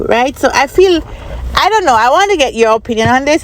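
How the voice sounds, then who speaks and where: A vlogger who also trains business analysts tells a personal story in a casual, chatty manner, repeating herself often and asking viewers for their thoughts. Her voice is high, very animated, and brisk.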